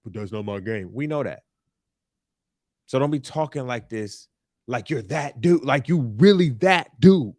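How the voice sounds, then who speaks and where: A man's voice: medium pitch, expressive, a little slow, darkish tone, dry recording, clean studio sound. A young man hosting a sports talk show, ranting in an emphatic, repetitive, exasperated way. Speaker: podcast host. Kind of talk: animated sports talk rant. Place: New York.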